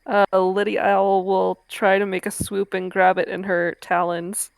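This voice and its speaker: Smooth-voiced woman describing her character. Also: medium pitch, monotone, unhurried, no echo, rough recording. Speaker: player. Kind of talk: describing her character's actions in a tabletop game.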